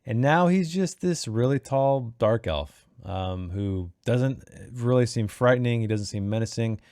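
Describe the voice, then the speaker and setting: A man hosting a read-along book club who gives his casual, opinionated take on chapters, talking in an animated way with frequent restarts. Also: mid-range voice, unhurried, dry recording, studio quality.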